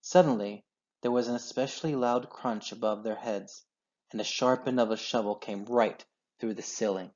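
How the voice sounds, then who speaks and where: Man, storybook read-aloud, expressive, measured, dull lo-fi recording. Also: fairly low pitch. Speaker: children's book reader. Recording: dull lo-fi sound.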